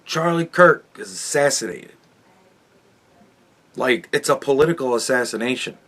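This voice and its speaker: This podcast host runs his own commentary show, speaking in an animated, mid-range voice with a fairly bright tone at a moderate pace. His casual monologue is blunt, heavy on swearing, and full of restarts.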